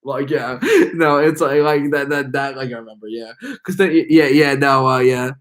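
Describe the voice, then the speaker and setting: A man's voice: medium pitch, steady tone, moderate pace, a bit bright. A man hosting his own live stream, chatting casually and rambling, with many fillers and restarts. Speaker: channel host.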